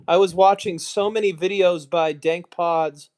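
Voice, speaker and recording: A man's voice: high-pitched, steady tone, a little slow, a little mellow. An American man chatting casually on a live stream, muttering asides and mocking himself as he goes. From United States. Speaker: streamer, card collector.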